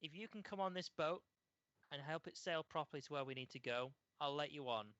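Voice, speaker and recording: A man's voice: on the high side, a little fast, a bit bright, muffled recording. A man playing a tabletop game, speaking hesitantly with stammers. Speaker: player.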